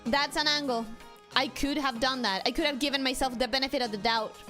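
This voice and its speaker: High-voiced young woman streamer chatting. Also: fairly even intonation, brisk, pushed and bright. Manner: chatty, greets viewers, joking asides. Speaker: VTuber streamer. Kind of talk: casual let's-play chat. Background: game music.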